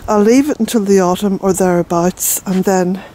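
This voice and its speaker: An older woman from Ireland talks to the camera as she works outside in her garden, rambling and breathless with a mellow, warm tone. Faint outdoor noise sits behind her voice. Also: medium pitch, normal speed, poor audio. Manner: rambling, chatty, with fillers. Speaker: vlogger, gardener. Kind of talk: casual walk-and-talk narration.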